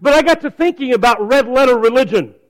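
A middle-aged man preaching a sermon at a church service, emphatic, slowing down to stress key phrases and repeating words as he starts a thought. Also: extremely high pitch, animated, poor audio. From California.

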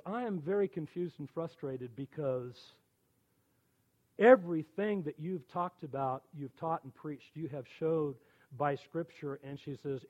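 A man in his sixties, a church elder, telling conversion stories in a folksy, animated sermon. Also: fairly high pitch, highs cut off. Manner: animated, folksy storytelling with quoted dialogue. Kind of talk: storytelling sermon.

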